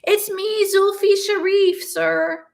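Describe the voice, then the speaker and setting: A woman's voice: very high-pitched, fairly even intonation, slow pace, gravelly, voice pushed up, full character voice. A woman voicing an arrogant young male student who speaks formally and anxiously.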